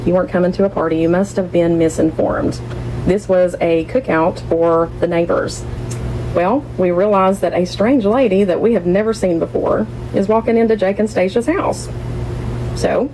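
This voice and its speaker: A woman's voice: on the low side, moderate pace. A woman responding in a casual video, defensive and matter-of-fact. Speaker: neighbor giving her side. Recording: noisy, with a steady hum behind.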